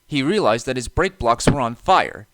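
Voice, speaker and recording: A young man calmly narrating a storybook, with a soft and even delivery and occasional small restarts. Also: medium pitch, normal speed, noisy background.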